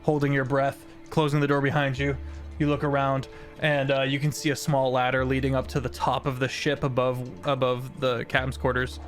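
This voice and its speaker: A man's voice: mid-range voice, monotone, normal speed, soft background music. A man running a tabletop game as game master, narrating with many fillers, restarts and laughs.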